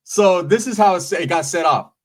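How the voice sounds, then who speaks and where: Casting: man, slightly raised pitch, husky tone, profane rambling storyteller. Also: fairly quick. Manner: rambling, profane, with frequent asides and laughs.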